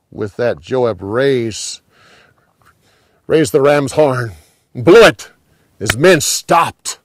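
A man telling a Bible story dramatically, rising with the action and dropping low at the ends of scenes. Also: slow, pauses often, dry recording, clean studio sound. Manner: animated, dropping to hushed endings.

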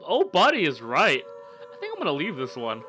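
A man with a cold, casually commenting on a game he plays, swearing and breaking into loud frustrated outbursts. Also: a little high, huge pitch swings, fairly quick, over music. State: sick with a cold, coughing. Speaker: gaming streamer. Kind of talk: casual let's-play commentary.

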